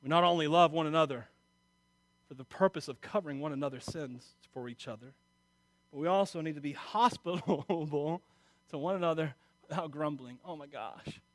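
A middle-aged man preaching a sermon, emotional, moving from quiet confiding talk to loud exhortation. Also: fairly high pitch, normal speed, no echo. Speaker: pastor.

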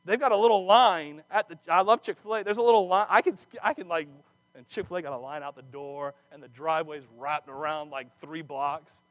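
A man giving a sermon, animated and chatty, often breaking off mid-phrase to start again and slipping in jokey asides. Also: on the high side, brisk, dry recording. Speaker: preacher. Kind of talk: sermon with personal stories.

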